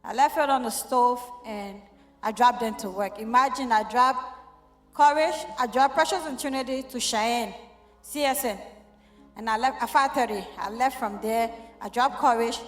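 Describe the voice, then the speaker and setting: Woman, middle-aged, high voice, emotional church testimony recorded in an echoey hall with soft music. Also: normal speed. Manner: emotional, storytelling with quoted dialogue. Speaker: church member giving testimony.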